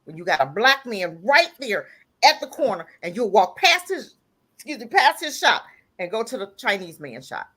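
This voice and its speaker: Fired-up woman caller, lively high voice. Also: moderate pace, breathy edge. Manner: heated and emphatic, preaching with repeated lines; breaks into laughter and raises voice to near-crying pitch. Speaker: caller on a live talk show. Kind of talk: impassioned call-in rant.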